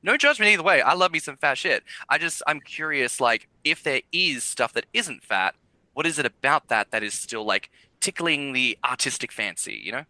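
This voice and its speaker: A male podcast co-host with a very bright, forceful voice and a lively, swinging pitch. He talks casually and enthusiastically, swears freely and wanders through long questions. The sound is close and dry. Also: normal speed, no echo, rough recording.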